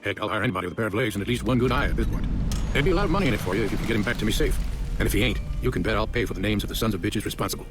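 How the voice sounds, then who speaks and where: An actor playing a gruff, folksy business owner and worried father who speaks bluntly, in a game. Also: lowish voice, animated, racing, music in the background, close to an everyday voice. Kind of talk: video game voice acting.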